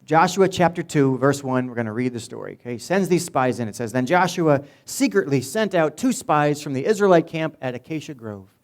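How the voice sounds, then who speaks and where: A man's voice: a little high, animated, brisk, few pauses. Casual joking man preaching a sermon. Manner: casual, joking storyteller who retells Bible scenes in voices. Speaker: pastor.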